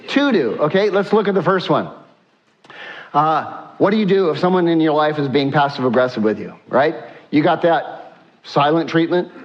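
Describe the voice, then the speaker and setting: A man's voice: high-pitched, muffled recording. A man preaching a sermon as a pastor, emphatic and repetitive, with many fillers. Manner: emphatic, repeats points, frequent "uh" fillers.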